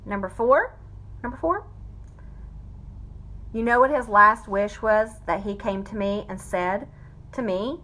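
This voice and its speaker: A woman's voice: medium pitch, unhurried, sharp tone. A woman giving an emotional personal testimony, fighting back tears as she speaks. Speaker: vlogger telling a family story.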